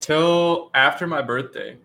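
Easygoing man with a higher voice. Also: slow pace, bright, forceful tone, a little hiss or hum. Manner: easygoing, trails off, laughs along. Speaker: podcast co-host. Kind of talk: casual chat among friends.

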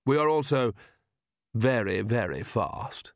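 A smug young gentleman vampire from a storybook, fussy and faintly mocking, as a male reader puts him on. His voice sits at a middling pitch and sounds close and dry. He drawls with lazy amusement. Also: animated, slow pace, gravelly, no room sound.

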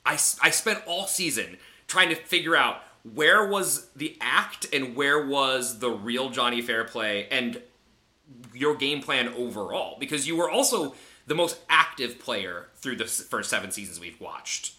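A man's voice: medium pitch, lively intonation, a little slow, sharp tone. A man co-hosting a podcast, joking and rambling in casual chat. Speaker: podcast co-host.

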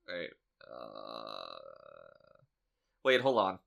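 A man's voice: very deep voice, huge pitch swings, very slow, creaky, fairly bright tone, dull audio. A man co-hosting a podcast in casual chat, talking with dry, sarcastic humor. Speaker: podcast co-host.

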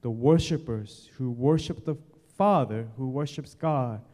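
A man's voice: medium pitch, measured pace, dark tone. A male pastor preaching a sermon, addressing the congregation directly and driving points home by repeating key words and lists. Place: church sanctuary. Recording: long church hall reverb.

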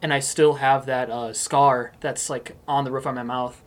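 A man's voice: medium pitch, fairly even intonation, normal speed. A young man co-hosting a casual podcast chat, rambling with lots of fillers and easy laughter. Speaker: podcast co-host.

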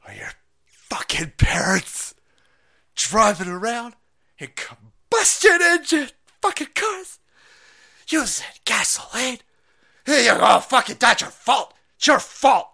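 A man voicing an unhinged schoolteacher who yells threats at a classroom. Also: very high voice, big pitch swings, unhurried, creaky, pitched above the performer's own voice, exaggerated voice. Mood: accusing. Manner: ranting, yelling threats at children. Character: unhinged screaming schoolteacher, adult.

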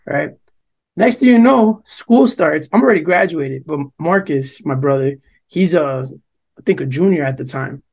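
A man's voice: a little high, expressive, moderate pace, vocal fry, a little mellow. A young man from New Jersey, co-hosting a podcast, telling a long, profane story in casual chat and quoting other people's lines. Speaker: podcast co-host.

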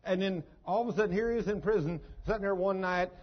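A preacher telling a story in a sermon, folksy and emphatic. His voice sits high and has a husky grain. The recording sounds dull and muffled. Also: quick pace.

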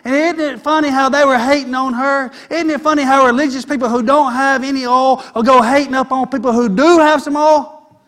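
Brief: male preacher, very high voice, folksy sermon delivery. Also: steady tone, a little fast, fairly bright tone. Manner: folksy, conversational preaching with vernacular.

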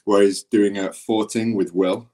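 A man's voice: lowish voice, level tone, unhurried, dark tone. A man co-hosting a podcast in casual chat, teasing and swearing with easy laughter. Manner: teasing, profane, laughs easily. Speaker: podcast co-host.

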